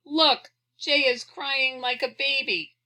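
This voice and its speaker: A woman's voice: a little high, steady tone, drawn-out words, creaky, a bit bright, exaggerated voice. A woman reading aloud, voicing a playful child who giggles and puts on very proper manners.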